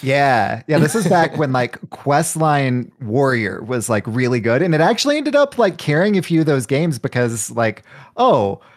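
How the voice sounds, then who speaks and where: A man chatting casually about card games, lively and laughing often. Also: mid-range voice, normal speed, few pauses. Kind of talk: casual gaming chat.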